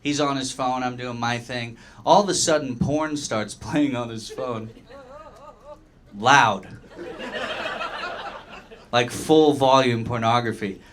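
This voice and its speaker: A man doing a stand-up comedy set in a small bar, deadpan storytelling with sudden jumps into high voices for the characters he quotes. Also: takes it slowly, long pauses, a little hiss or hum. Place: small dive bar with a live audience. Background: crowd laughter.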